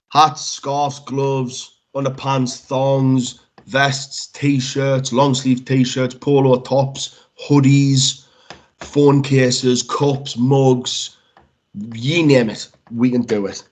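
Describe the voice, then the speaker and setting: A man's voice: medium pitch, drawn-out words. Storytelling man, swearing freely. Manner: lively storyteller, swears freely, acts out quotes. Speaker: wrestler guest. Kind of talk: casual podcast chat.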